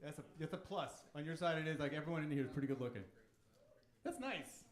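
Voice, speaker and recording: On stage in an echoey comedy club, a thirtysomething man with a fairly high voice races through his routine. His humor is brash, crude and provocative.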